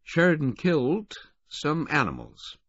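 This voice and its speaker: A man's voice: on the high side, a little slow, no echo, pitched above the performer's own voice, exaggerated voice. A man playing a strained, grieving father. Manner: even, controlled but strained. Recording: dull, dry lo-fi audiobook recording.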